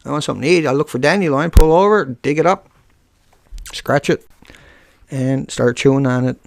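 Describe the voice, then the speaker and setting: Gravelly man ranting on a live stream. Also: medium pitch, normal speed, no room sound, clean studio sound. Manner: combative, taunting and scornful toward a commenter. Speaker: live streamer answering chat. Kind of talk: unscripted live stream rant.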